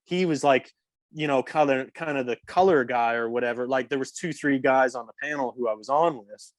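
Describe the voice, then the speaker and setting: A young man from England tells a loose, rambling story as a podcast guest, leaning on fillers. His voice sits at an ordinary middle pitch. The recording is dry and close. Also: brisk, dry recording. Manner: rambling, lots of "like" fillers, laughs mid-story. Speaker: guest, former pro hockey player. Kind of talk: casual storytelling.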